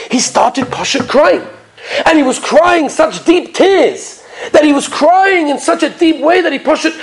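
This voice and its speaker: A man with a high voice preaching a sermon. He tells stories in an animated way, chuckling often as he goes. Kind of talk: sermon with storytelling.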